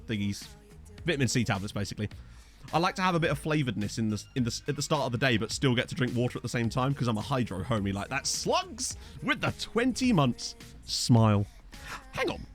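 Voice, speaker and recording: Lively, rambling man streaming a game. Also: fairly high pitch. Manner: chatty, rambling, thanks viewers, jokey. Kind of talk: casual live-stream chat over a game. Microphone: desk condenser microphone.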